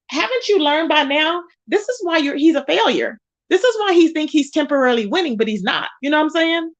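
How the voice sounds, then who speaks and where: High-voiced, animated woman livestreamer. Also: muffled recording. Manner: animated, greets viewers by name and calls them baby; exclaims in disbelief, repeats phrases for emphasis. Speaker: livestream host. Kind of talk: casual livestream commentary, reading chat.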